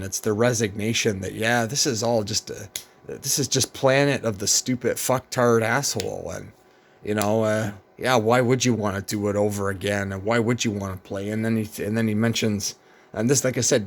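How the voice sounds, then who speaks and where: A man vlogging in a rambling, casual monologue, weary and profane, with many fillers and restarts. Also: fairly low pitch.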